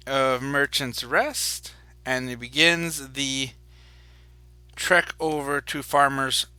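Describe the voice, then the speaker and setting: A man narrating a tabletop role-playing game as game master, halting and full of fillers. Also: a little high, sharp tone, clear, resonant tone, no echo.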